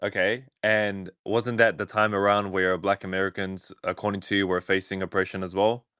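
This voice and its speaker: A man from New Zealand with a New Zealand accent, calling in to debate and talking haltingly with many fillers. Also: deep voice, level tone, fairly bright tone, smooth, no room sound, studio quality. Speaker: caller. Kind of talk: phone-in debate.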